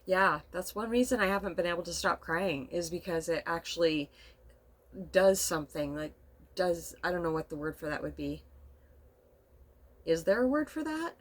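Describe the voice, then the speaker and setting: A middle-aged woman telling a personal story in a casual vlog monologue, speaking softly and emotionally and rambling with frequent laughs. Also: lowish voice, lively intonation, moderate pace. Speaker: vlogger. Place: inside a camper.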